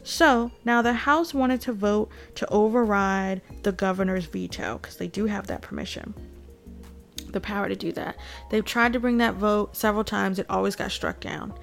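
Gravelly-voiced woman commentator. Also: mid-range voice, steady tone, moderate pace, faint music behind. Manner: indignant, addresses viewers directly, laughs between points. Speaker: political commentary host. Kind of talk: casual political commentary to viewers.

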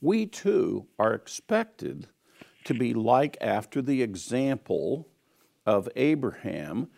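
A man's voice: mid-range voice, sing-song, slow, vocal fry, mellow. A man giving an earnest teaching sermon on scripture, emphatic and repeating key phrases. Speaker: Bible teacher.

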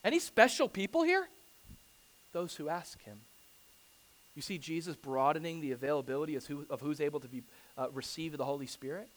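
A man preaching a sermon as a pastor, quoting scripture, asking rhetorical questions and building from quiet to loud and urgent. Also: fairly high pitch, expressive, a little fast. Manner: emphatic preaching, quotes scripture.

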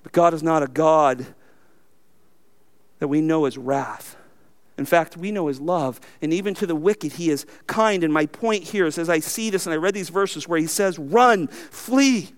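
A man's voice: a little high, moderate pace, clean tone. A man, a pastor, preaching a sermon emphatically and asking the congregation rhetorical questions.

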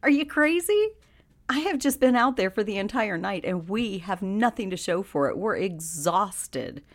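A woman's voice: medium pitch, lively intonation, normal speed. A woman voicing an exhausted, baffled fisherman who protests in disbelief. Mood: incredulous. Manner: incredulous, exasperated. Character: baffled worn-out fisherman, male adult.

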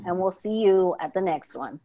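A woman's voice: on the low side, moderate pace, mellow, a little hiss or hum. A tired woman co-hosting a podcast in casual chat, easygoing and playful. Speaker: podcast co-host.

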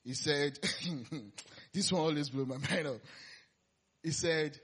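A man preaching a conversational sermon, laughing often and swinging between loud emphasis and quiet asides. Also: fairly high pitch, slow pace, husky.

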